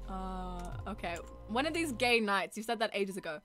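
A young woman streaming a video game, excitable and loud, who swears often and keeps squealing and exclaiming. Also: medium pitch, moderate pace, hardly any pauses, faint music behind. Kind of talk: live gaming stream commentary.

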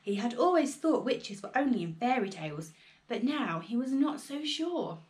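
Lively woman reading a storybook. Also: a little high, normal speed. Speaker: reader of a children's story.

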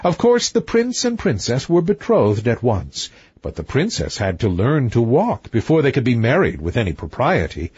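A man reads a fairy tale aloud with an expressive, swooping delivery. His voice is husky and sits a little high for a man, with very lively pitch. The recording is dull and dry, with a lo-fi sound. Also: no echo. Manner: expressive reading, swooping between high and low. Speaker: audiobook reader. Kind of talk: scripted storybook narration.

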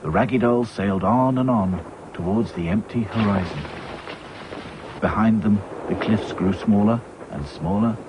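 A man narrating a children's story in a lively, expressive way. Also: lowish voice, measured pace. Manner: lively, voices every character himself. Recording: slightly dull with faint hiss.

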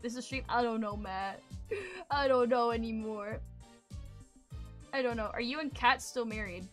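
A young woman streamer chatting with viewers on her desk mic, hyper and loud, swearing and breaking into sudden yells. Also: a little high, moderate pace, soft background music. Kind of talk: casual chat with viewers.

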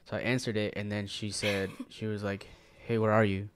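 A man co-hosting a podcast, telling a story in animated casual chat and swearing freely. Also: fairly low pitch, moderate pace, a crowd in the background. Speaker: podcast co-host.

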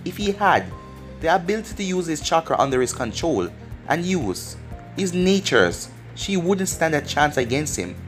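A storyteller reading fan fiction aloud, stringing long run-on sentences together. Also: medium pitch. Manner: run-on narration strung together with "as".

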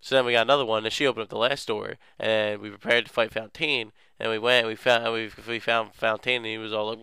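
Young male let's play host, goofy and rambling. Crisp, dry voice. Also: fairly low pitch, little pitch movement, fast talker, hardly any pauses, pushed and bright, dry recording. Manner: rambling, goofy, lots of filler words. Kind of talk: casual game recap.

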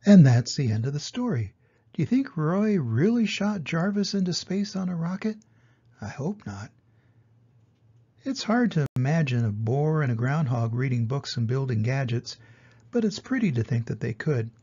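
Older man, grandfather, storybook read-aloud, lively intonation, husky voice. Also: on the high side, moderate pace, muffled recording.

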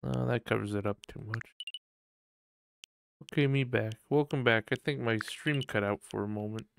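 A man's voice: medium pitch, normal speed, gravelly, a bit bright, a little hiss or hum. A man streaming a video game live, chatting and thinking aloud as he plays. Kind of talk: casual live-stream commentary.

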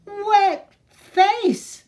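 A woman's voice: high voice, lively intonation, takes it slowly, soft background music, voice pushed up. A woman voicing a cranky little duckling girl with a whiny, pouting voice. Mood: whining.

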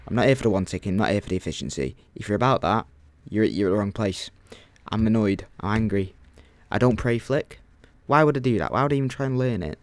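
A man's voice: on the low side, expressive, fast talker, no room sound. Grumbling young man playing a game. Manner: grumbling, exasperated ranting. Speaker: gaming channel co-host. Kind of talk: gameplay commentary.

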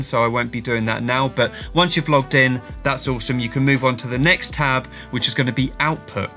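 A man's voice: mid-range voice, pushed and bright. A man hosting a casual tech tutorial, upbeat and chatty, with slangy asides. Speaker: music streaming tutorial host.

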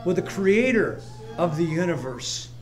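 A man's voice: sits high, sing-song, measured pace, over music. A man pastor preaching a sermon in a church, emphatic and repetitive, weaving in personal stories. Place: church sanctuary, streamed live.

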